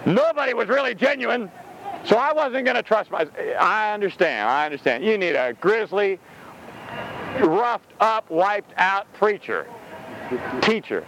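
A man's voice: high voice, creaky, fairly bright tone, a little hiss or hum, rough recording. A man preaching an intense, exclaiming sermon, laughing now and then between points. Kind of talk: fiery sermon.

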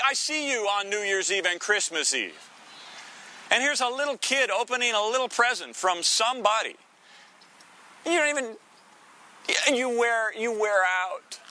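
A man preaching a sermon in a teasing, conversational way, full of quick asides to the congregation. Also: sits high, expressive, sharp tone, slight background noise. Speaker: pastor.

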